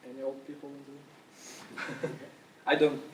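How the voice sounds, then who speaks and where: A man's voice: medium pitch, completely flat delivery, unhurried. Man, conference speaker, casual presentation, fillers and restarts, occasional coughs, heard from a distance, faint room hum. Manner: loose, with many fillers and restarts. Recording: echoey room, voice from far off.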